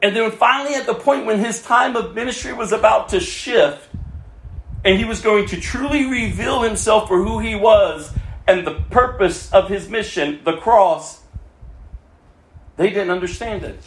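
A man preaching a sermon as pastor, impassioned, swinging between loud emphasis and hushed asides. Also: high voice, normal speed, echoey room.

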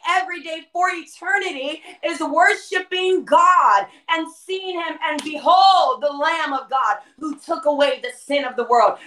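A woman's voice: sits high, pushed and bright, reverberant, recorded from a distance. A woman guest on a podcast, talking in a fervent, emphatic preaching style and quoting scripture. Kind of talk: impassioned preaching-style conversation.

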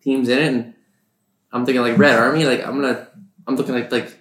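A man from Saskatchewan chats on a podcast, rambling through stories and laughing as he goes. His voice sits at a middle pitch. The room around him has a noticeable echo. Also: little pitch movement, fairly quick, a bit bright. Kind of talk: casual chat. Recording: echoey room.

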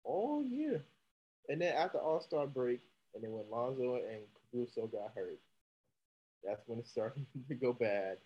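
A man's voice: medium pitch, normal speed, lo-fi sound. A man co-hosting a sports talk show, chatting casually and laughing easily, at times stumbling over names. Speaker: podcast co-host.

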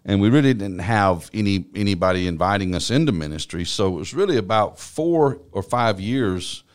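A man's voice: on the low side, animated, normal speed, clean tone. A man who works as a church administrator, earnestly and reflectively telling his personal testimony in an interview.

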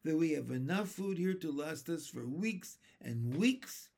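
A clever young boy explains things earnestly and patiently, voiced by a man reading aloud. The storybook voice is lifted and lively. He speaks slowly. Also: on the high side, gravelly, voice pushed up, heavily acted.

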